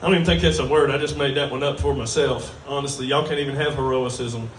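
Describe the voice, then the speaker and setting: A man's voice: medium pitch, steady tone, quick pace, slight background noise. A man with a drawl doing a crude, self-mocking stand-up set on a bar stage before a live crowd. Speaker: stand-up comedian. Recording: roomy bar sound from a distant mic.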